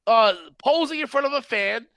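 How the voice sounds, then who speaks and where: A man hosting a casual chat show, ranting and exasperated, with frequent laughs. His voice sits very high and sounds sharp and bright. The recording is dry and close. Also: normal speed, no echo. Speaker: podcast host.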